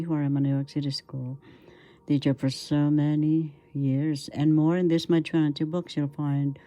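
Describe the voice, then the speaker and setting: An older woman from the Philippines, a teacher giving a slow language lesson, drilling words syllable by syllable and repeating them. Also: deep voice, warm tone.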